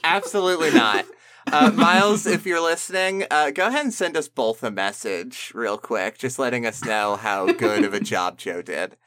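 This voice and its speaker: A man's voice: medium pitch, animated, normal speed, pushed and bright. A man hosting a music podcast in casual, jokey chat, often restarting his sentences. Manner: jokey, laughing, stammering restarts. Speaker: podcast host.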